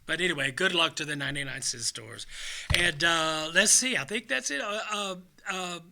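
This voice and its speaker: A middle-aged male talk show host with a fairly high, very bright and piercing voice. He runs a loose, campy opening monologue, cracking jokes and poking fun at himself between updates. His delivery is chatty and playful throughout. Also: animated, normal speed, vocal fry, a little hiss or hum. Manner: joking, campy, self-mocking.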